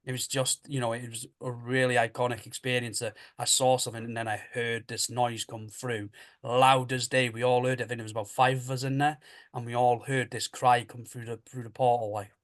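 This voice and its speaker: A man's voice: mid-range voice, little pitch movement, a little fast. A man, a paranormal investigator guest telling his stories in a casual, rambling way. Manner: rambling, repeats himself, retells dialogue. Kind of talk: casual storytelling.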